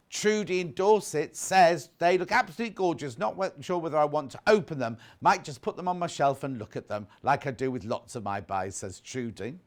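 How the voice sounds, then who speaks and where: A man presenting a live TV shopping show, chatting casually and reading out viewer messages. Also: high voice. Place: TV studio.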